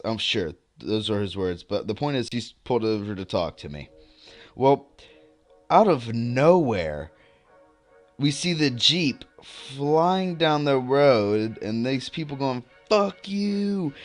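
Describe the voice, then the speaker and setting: A young man vlogging a casual story, rambling and swearing freely as he tells it. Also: medium pitch. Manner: rambling, profane, animated storytelling.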